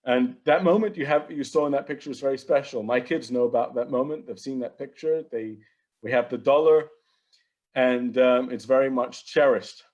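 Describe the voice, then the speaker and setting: A man from London, giving a measured, reflective talk over a video call. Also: mid-range voice, a little mellow. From London, England. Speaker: guest lecturer rabbi. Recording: dull video-call audio.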